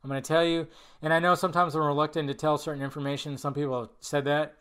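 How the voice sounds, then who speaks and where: A man's voice: fairly high pitch, flat delivery, fast, fairly bright tone, clear, resonant tone. Rambling, blunt male podcast host. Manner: rambling, blunt, swears casually, trails off into mutters. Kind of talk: casual solo podcast answering viewer questions.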